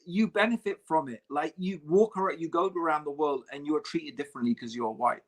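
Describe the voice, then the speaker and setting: A man's voice: on the high side, a little fast. A man co-hosting a casual podcast discussion, talking emphatically and calling his co-host bro. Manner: emphatic, conversational, says "bro" often.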